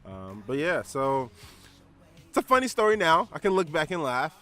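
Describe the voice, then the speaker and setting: A man co-hosting a podcast, telling a personal story in a relaxed, rambling way with lots of fillers. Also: a little high, moderate pace, faint music behind. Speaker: podcast co-host. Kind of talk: casual storytelling chat.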